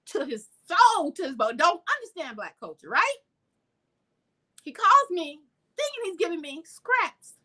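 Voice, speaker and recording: High, bright-voiced sassy woman storyteller. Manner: animated, sassy, acts out quotes. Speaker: vlogger. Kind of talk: casual storytelling.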